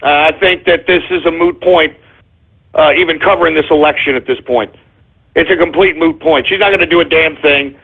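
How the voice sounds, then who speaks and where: A man's voice: a little high, brisk, vocal fry, breathy edge. A male talk radio host ranting about politics in a profane, sarcastic, combative way. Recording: phone-like lo-fi radio audio.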